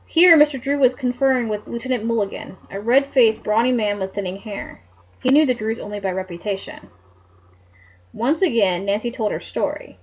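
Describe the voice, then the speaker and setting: A woman's voice: fairly high pitch, normal speed, slightly rough. Woman reading a story aloud, lo-fi. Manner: chatty asides, laughs at the story. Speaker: narrator.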